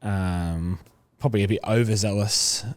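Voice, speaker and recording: Young male guest, relaxed rambling chat, lower register. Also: normal speed. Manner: chatty, rambling with many fillers. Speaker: podcast guest. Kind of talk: casual chat.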